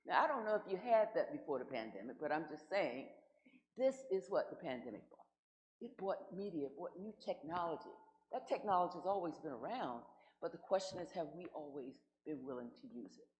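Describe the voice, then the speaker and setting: A woman's voice: low-pitched, animated, a little fast, a little mellow, low-quality recording. A woman guest minister giving a conversational sermon, posing rhetorical questions to her congregation.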